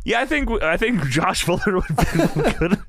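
A man chatting on a podcast with a somewhat high, gravelly voice that swings up and down a lot. He laughs often, curses freely and jumps into impressions of the people he quotes. The sound is close and dry. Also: very animated, moderate pace, fairly bright tone, no echo. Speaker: podcast co-host recapping wrestling. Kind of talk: casual chat with impressions.

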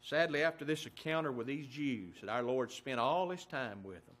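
A man's voice: mid-range voice, lively intonation, normal speed, a bit bright. A man preaching a sermon as pastor, asking rhetorical questions, building emphasis and reading scripture aloud in old-fashioned wording. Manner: reads scripture aloud in King James wording.

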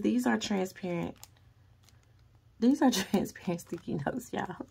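Slow-talking, gushing woman vlogger. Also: on the high side, gravelly, slightly rough. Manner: gushing, excitable, talks straight to viewers. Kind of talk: casual unboxing chat.

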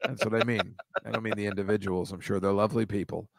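A man's voice: lowish voice, level tone, fast talker, creaky, no echo. A man hosting a comedy podcast, riffing casually with rambling, profane, sarcastic asides.

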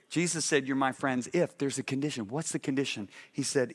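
A middle-aged man preaching a sermon, animated and often asking the congregation if they follow him. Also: mid-range voice, normal speed, husky.

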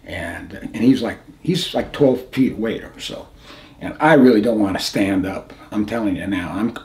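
A man in his seventies from the United States, telling war memories in an interview in a halting, plain-spoken way, often restarting, his voice going hushed at grim moments. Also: deep voice. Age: 70s. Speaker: veteran interviewee. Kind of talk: recounting combat memories in an interview.

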